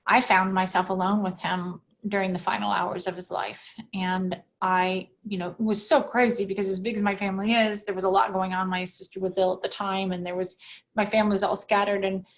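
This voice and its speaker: A middle-aged woman, a podcast guest, telling a personal story with earnest, animated delivery. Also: medium pitch, brisk. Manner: earnest, animated, acts out the voices in her story.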